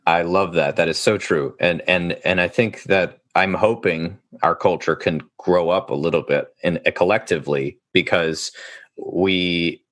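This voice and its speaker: A man's voice: low-pitched, fairly even intonation, unhurried, fairly bright tone, no room sound, clean studio sound. A male therapist hosting a podcast interview, talking in a thoughtful, rambling way with many fillers and restarts. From United States.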